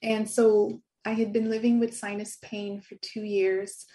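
A woman's voice: mid-range voice, flat delivery, measured pace, warm tone. A middle-aged woman telling a personal story in an interview, earnest and laughing often. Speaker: guest.

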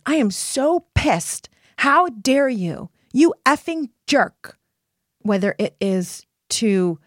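A woman's voice: medium pitch, a little mellow, no room sound, clean studio sound. A woman hosting a personal self-help podcast, coaching listeners in an earnest, emphatic way. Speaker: podcast host.

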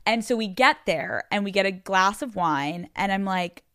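A woman's voice: medium pitch, lively intonation, normal speed, a bit bright, dry recording, clean studio sound. A young woman podcast host being interviewed, telling a personal story in a frank, chatty way with plenty of swearing. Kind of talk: casual candid conversation.

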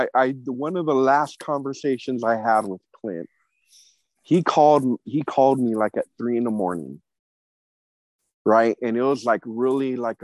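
A man hosting a casual podcast chat, spinning long anecdotes full of swearing and laughter. His voice sits at an ordinary middle pitch, recorded close and dry with no room sound. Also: a little mellow, no echo. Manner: profane, laughing, rambling anecdotes. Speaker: podcast host.

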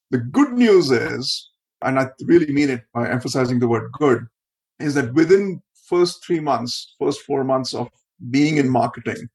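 A man in his fifties from India, a marketing consultant guest on a podcast, telling his story earnestly and getting animated when he stresses a point. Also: medium pitch, gravelly, low-quality recording. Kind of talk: podcast interview.

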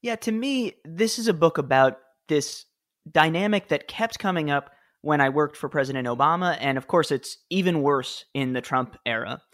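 A man in his thirties, a guest author and former speechwriter, telling anecdotes in an animated, self-deprecating way with quick restarts. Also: fairly high pitch. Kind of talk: conversational interview storytelling.

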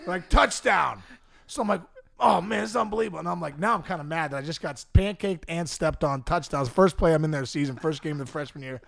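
Middle-aged man, gravelly voice, lively comic storyteller, somewhat high pitch. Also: fairly quick, no echo. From Pittsburgh area, USA. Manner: animated, acts out quotes with shouts and laughs. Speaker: podcast guest.

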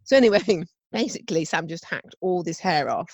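A woman with a lowish voice speaks at an ordinary pace, casually recounting a family tale. She performs the voices of its characters and laughs often, captured in a dry recording.

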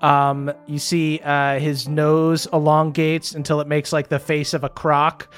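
A man's voice: fairly high pitch, little pitch movement, a little slow, fairly bright tone, smooth, soft background music. A man narrating as game master in a tabletop game, laughing often and filling gaps with "um" and "uh". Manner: laughing often, many fillers.

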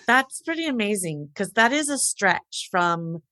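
A woman hosts an interview and draws out her guest with encouraging, probing questions. Her voice sits at a medium pitch. The recording is dry and close. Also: sing-song, a little slow, sharp tone, dry recording. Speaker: podcast host.

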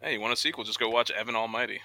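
An energetic young man co-hosts a casual news podcast. His voice is strikingly bright and forceful. He sits in a dead, dry-sounding room, and he often slips into mock voices when he quotes people. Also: mid-range voice, very fast, dry recording. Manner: excitable, acts out quotes in voices. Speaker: podcast co-host.

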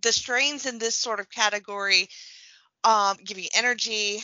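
Woman, podcast guest, chatty, laughs easily, bright sharp tone, dull lo-fi audio. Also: mid-range voice, moderate pace, dry recording. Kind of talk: casual podcast chat.

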